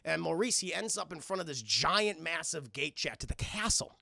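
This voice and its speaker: A man casually recapping a film to his live chat, rambling and swearing with animated asides. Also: on the high side, moderate pace, creaky, dry recording, clean studio sound. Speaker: streamer film reviewer.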